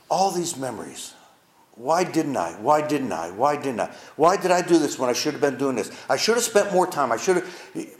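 Older male pastor, heartfelt storyteller, lively rising and falling pitch, roomy echo. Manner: heartfelt, emphatic, repeats phrases. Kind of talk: storytelling sermon.

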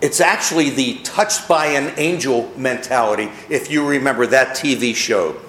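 A man's voice: medium pitch, moderate pace, fairly bright tone, roomy sound, slight background noise. A man preaching a sermon to a congregation, leaning into emphatic phrases. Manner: preaching with rising emphasis, mocking quotes. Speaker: pastor. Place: church.

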